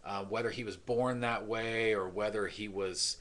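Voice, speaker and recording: A man's voice: fairly low pitch, fairly even intonation, moderate pace, a bit bright. A man, a pastor, retelling a story in an earnest, dramatic sermon and acting out the voices.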